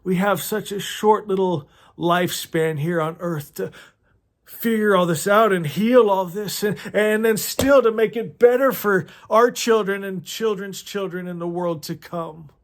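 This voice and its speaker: A man's voice: high-pitched, a little slow. A middle-aged man reading a novel aloud and commenting on it casually, emotional, often laughing and swearing.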